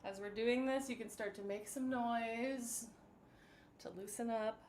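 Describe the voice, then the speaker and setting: A woman vocal coach leading a live-streamed warm-up, giving gentle, encouraging instructions with plenty of fillers. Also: on the high side, steady tone, a little slow, slight background noise.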